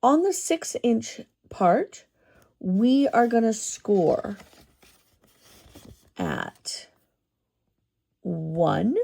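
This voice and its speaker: A woman hosting a papercraft tutorial, talking through each step in an unhurried, think-aloud way. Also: mid-range voice, huge pitch swings, vocal fry, dark tone. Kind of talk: craft tutorial demonstration.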